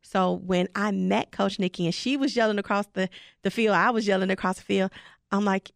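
A woman football coach speaks with fiery conviction, her voice carrying a gravelly rasp. The sound is dry and close. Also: medium pitch, fairly even intonation, fairly quick, dry recording. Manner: passionate, emphatic. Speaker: high school football head coach. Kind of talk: casual interview talk.

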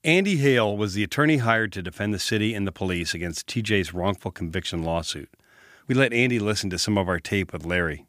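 A man hosting and narrating a true-crime report, telling the story in a measured, matter-of-fact way and putting questions to an interviewee. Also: fairly low pitch, lively intonation, a bit bright, no room sound, studio quality. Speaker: podcast host and reporter.

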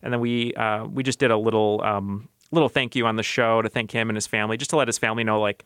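A man's voice: fairly low pitch, fairly even intonation, quick pace, fairly bright tone, clear, resonant tone, no echo. A man, a podcast host, answering interview questions in a radio studio, earnest and thoughtful with many fillers and restarts.

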